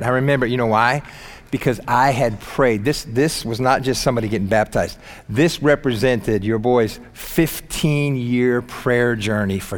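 A man preaching a sermon in church, animated and humorous, jumping between loud bursts and quiet asides and laughing at his own jokes. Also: medium pitch. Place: church sanctuary.

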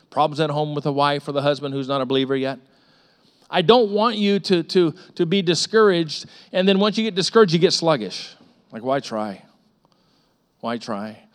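A middle-aged male pastor delivering a sermon with a somewhat high voice. He tells personal stories in an animated way, repeating words and slipping into the voices of the people he describes. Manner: animated storytelling with frequent repetitions and acted-out voices.

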